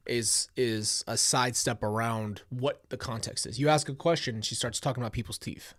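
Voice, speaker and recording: A chatty man hosts a casual reaction show at an average pitch. He drifts into tangents as he talks. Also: fairly even intonation, normal speed, a bit bright. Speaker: host.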